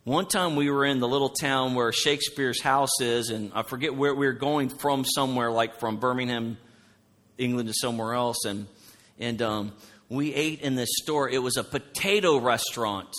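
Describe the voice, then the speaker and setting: A man preaching a sermon, loud and animated, telling stories from the pulpit. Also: medium pitch, normal speed. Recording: long hall reverb.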